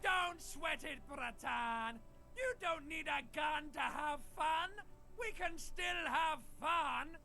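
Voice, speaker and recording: A man voicing a talking male necktie that coaxes with gleeful, gravelly cheer in a video game. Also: extremely high pitch, slow pace, faint music behind, heavily acted. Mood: coaxing. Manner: coaxing, gravelly, shouting in glee. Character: talking necktie, male, party-loving tempter. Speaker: game character.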